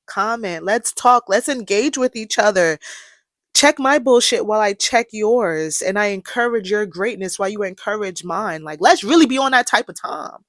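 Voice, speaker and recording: A young woman talks straight into a close mic on her own podcast, with a dry, roomless sound. She swings between low, quiet musing and loud, fired-up rants, peppered with slang and swearing. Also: animated, moderate pace, no echo. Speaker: podcast host. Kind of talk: casual monologue.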